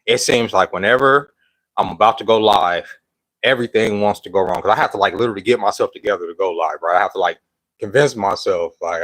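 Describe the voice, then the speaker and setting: A man's voice: fairly low pitch, quick pace, a bit bright, no echo, low-quality recording. A man hosting a live stream, out of breath with a phlegmy throat, chatting loosely and greeting viewers. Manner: loose, rambling talk with slang and restarts. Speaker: livestream host. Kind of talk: casual live-stream chat.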